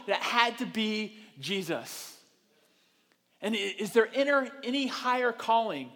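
A man preaching a sermon in an animated, self-deprecating way, acting out the voices he quotes, in a church auditorium. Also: sits high, measured pace. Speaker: pastor. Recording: reverberant hall.

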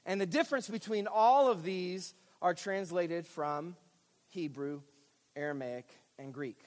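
A man's voice: sits high, a little slow, big-room sound. A man, a pastor, giving a teaching sermon and explaining step by step while checking in with his listeners. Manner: explanatory, speaks directly to listeners with frequent checks.

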